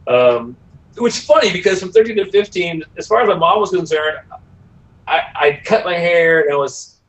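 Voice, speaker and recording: A middle-aged man, a podcast guest, telling a personal story in a casual, animated way, acting out the voices he quotes. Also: high voice, moderate pace, far from the mic, low-quality recording.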